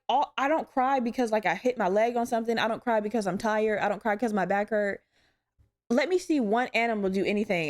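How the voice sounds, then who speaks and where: A woman in her twenties from Virginia hosting a solo podcast, talking casually and candidly with a lot of swearing. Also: medium pitch. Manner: candid, profane, animated storytelling. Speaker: podcast host.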